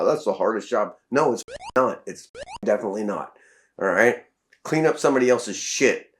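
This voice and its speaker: A young man reacting to a comedy clip, swearing freely and laughing along in casual commentary. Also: fairly low pitch. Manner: profane, laughing, animated. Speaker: reaction video host.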